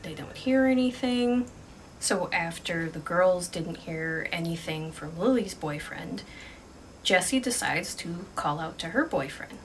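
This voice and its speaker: A woman's voice: on the low side, expressive, unhurried, recorded from a distance, slight background noise, poor audio. A woman telling an improvised ghost story in a casual, conversational way, full of fillers.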